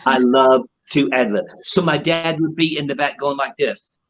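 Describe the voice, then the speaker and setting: Speaking at a moderate pace in a mid-range voice, this middle-aged ventriloquist guest animatedly narrates stories during an interview, performing the quoted voices of his characters. There is slight background noise, and the audio is muffled and lo-fi.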